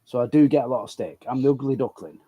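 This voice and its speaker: A man's voice: mid-range voice, fast talker, dark tone, breathy edge. A man, a guest on a casual live chat, rambling, apologetic and sweary. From Manchester area. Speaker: guest caller.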